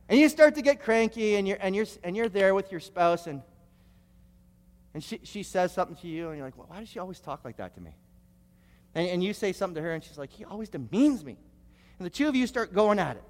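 A man's voice: high voice, lively intonation, brisk, long pauses, long reverb tail. A male pastor preaching a sermon, telling stories with frequent stammered restarts.

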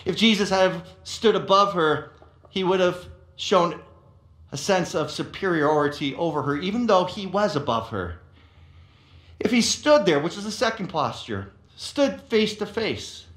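High-voiced male pastor preaching, echoey. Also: moderate pace. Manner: animated storytelling with frequent repeated words. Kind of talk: sermon.

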